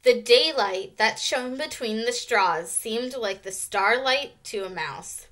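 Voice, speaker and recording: A woman teacher reading a children's chapter book aloud, slow and expressive. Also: fairly high pitch. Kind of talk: read-aloud narration.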